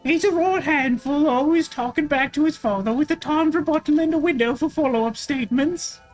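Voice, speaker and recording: A man voicing a proud, meddling middle-aged male builder with a high, breathless delivery. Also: a little fast, faint music behind. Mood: boastful.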